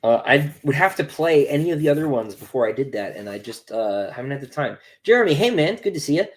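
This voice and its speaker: A young male author with a medium-pitched voice speaks at a quick pace with big swings in pitch. In a casual livestream, he reads viewer questions aloud and answers in a rambling manner, peppered with ums and restarts.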